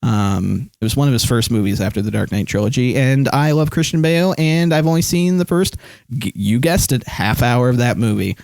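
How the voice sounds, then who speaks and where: A man's voice: mid-range voice, a little fast, creaky, darkish tone, no echo. Rambling man chatting on a stream. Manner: rambling, many fillers, reads chat aloud. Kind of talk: casual live-stream chat.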